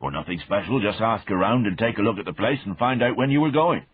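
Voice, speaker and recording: A man's voice: on the low side, animated, quick pace, slight background noise, voice pushed up, natural voice. A man voicing a big, wary soldier turned spy who speaks deferentially, calling his listener sir and my lord, in an audiobook reading. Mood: placating. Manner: respectful, placating, addresses listener as sir and lord. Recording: phone-like narrow band.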